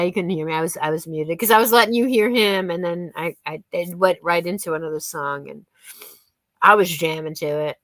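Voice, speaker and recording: A woman's voice: lowish voice, dry recording. Giggly, chatty woman streamer. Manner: chatty and giggly, thanks viewers by name. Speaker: live streamer. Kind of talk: casual live-stream chat with viewers.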